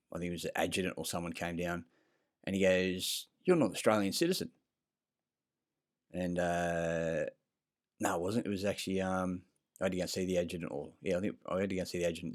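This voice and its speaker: A man with a low, flat, fast voice rambles through a self-recorded vlog monologue. He's blunt and profane, and his talk is full of fillers and restarts.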